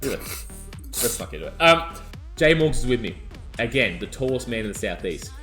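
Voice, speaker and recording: A young adult man, co-hosting a podcast and telling a wild story in excitable casual chat. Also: mid-range voice, a little fast, faint music behind. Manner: animated, excitable storytelling, yelling out quoted lines. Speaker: podcast co-host.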